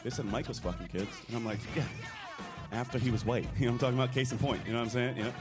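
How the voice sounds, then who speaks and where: A young stand-up comedian from the Philadelphia area, with a matching accent, does a laid-back set on a comedy club stage, mumbling and tagging lines with "you know what I'm saying." He speaks very fast with a medium pitch and steady tone, music playing in the background.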